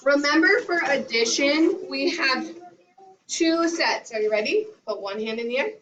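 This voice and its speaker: A woman's voice: sits high, lively intonation, moderate pace, a bit bright, a little hiss or hum. A woman teaching a classroom math lesson to young children, leading them in sing-song call-and-response. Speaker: kindergarten teacher. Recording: roomy, distant, dull classroom recording.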